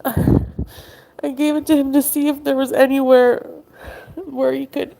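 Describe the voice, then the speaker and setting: A woman's voice: sits high, little pitch movement, a little slow, gravelly, warm tone. A woman livestreaming in distress, pleading and accusing, tearful at times. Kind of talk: emotional livestream argument. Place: indoors, abroad.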